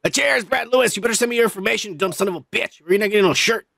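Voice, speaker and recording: A man's voice: sits high, rapid-fire, gravelly, bright, forceful tone, no echo. A tipsy man hosting a podcast, chatting crudely and rambling, with lots of swearing. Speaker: podcast host. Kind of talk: casual drunk banter.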